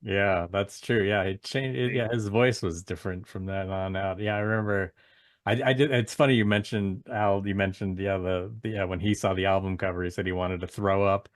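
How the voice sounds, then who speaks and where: A man's voice: low voice, steady tone, normal speed, no room sound, clean studio sound. A man hosting a casual music podcast, eagerly retelling band stories and laughing often. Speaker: podcast host. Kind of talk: casual chat.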